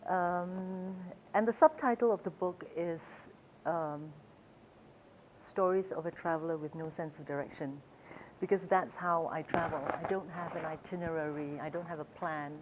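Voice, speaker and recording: A woman's voice: lowish voice, steady tone, normal speed, a little hiss or hum, poor audio. A woman who is a travel author, telling stories in a chatty, hesitant way with fillers and frequent laughs. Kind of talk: storytelling talk.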